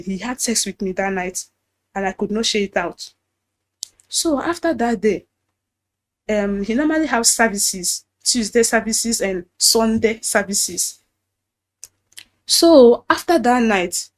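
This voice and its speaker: A young Nigerian woman with a Nigerian accent telling her personal story, quoting other people's words and acting out a man's lines in a raised voice. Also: mid-range voice. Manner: recounts dialogue, acts out the pastor's lines in a raised voice. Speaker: testimony giver. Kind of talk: emotional personal testimony.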